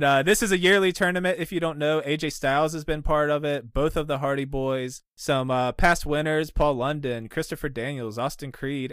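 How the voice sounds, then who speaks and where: A man's voice: on the high side, fairly bright tone, clear, resonant tone, no room sound, studio quality. A man co-hosting a wrestling podcast, recapping old matches in casual chat and laughing at the stories. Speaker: podcast co-host.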